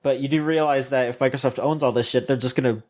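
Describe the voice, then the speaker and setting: A man's voice: mid-range voice, steady tone, fast talker, darkish tone. A man co-hosting a video game podcast, ranting in opinionated casual chat with frequent restarts, fillers and swearing. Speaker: podcast co-host.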